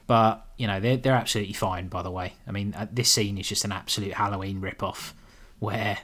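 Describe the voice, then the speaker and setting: A man's voice: fairly low pitch, steady tone, a little fast, fairly bright tone. A man co-hosting a podcast, recapping a film in casual chat with dry sarcasm, swearing and laughing as he goes. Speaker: podcast co-host.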